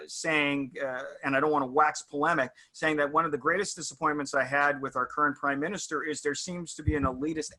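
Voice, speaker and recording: A middle-aged man speaks as an interview guest, with a very bright, forceful tone. He is a little higher than most men and wanders through his anecdotes reflectively, stopping and restarting as he goes. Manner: reflective, halting anecdotal storyteller. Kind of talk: casual interview chat.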